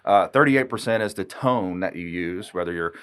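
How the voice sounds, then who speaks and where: On a casual podcast, a real estate agent explains negotiation using examples and rhetorical questions. His voice is low, clear and resonant, fairly bright in tone, at a moderate pace.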